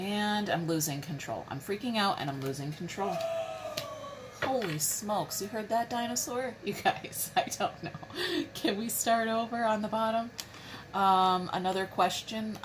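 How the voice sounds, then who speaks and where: A woman's voice: on the low side, noisy background. A woman giving a casual, chatty tarot reading from home, talking straight to her viewers and putting questions to the cards. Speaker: tarot reader.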